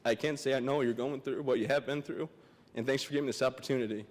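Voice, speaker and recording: A young man from Michigan speaks at a podium, his voice teary and emotional but plain-spoken. His pitch sits in an ordinary middle range. Each line rings out with the long reverb of a large hall. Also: steady tone, fast talker. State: tearful. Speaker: guest speaker. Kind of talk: memorial speech.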